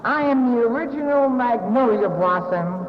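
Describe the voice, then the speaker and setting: A woman's voice: on the high side, expressive, normal speed, slight background noise. An older woman with a Southern US accent tells her recovery story to an audience with wry, self-mocking humor. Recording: dull echoey hall recording.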